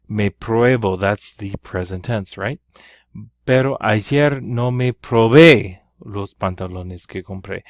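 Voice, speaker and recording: A man teaching a recorded grammar lesson, explaining patiently and stressing key syllables loudly. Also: fairly low pitch, no room sound, studio quality.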